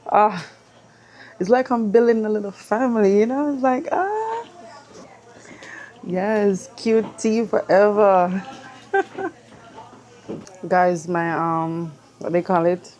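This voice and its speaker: A woman's voice: mid-range voice, darkish tone. A young woman talking to her phone camera in a dentist's waiting room, emotional and slipping into patois. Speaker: vlogger. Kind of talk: casual vlog chat.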